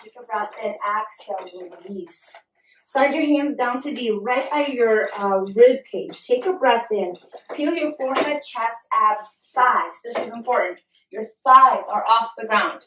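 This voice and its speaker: A woman leading a yoga class at home, giving gentle, encouraging cues. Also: fairly high pitch, noisy background. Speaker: yoga instructor. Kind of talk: guided yoga class with a toddler. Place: home room. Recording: echoey room, mic at a distance.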